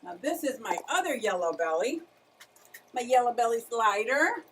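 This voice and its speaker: A woman's voice: a little high, lively intonation, normal speed, slight background noise. A middle-aged woman chatting casually on a livestream about her pet turtles, greeting viewers and talking to her animals. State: out of breath at times.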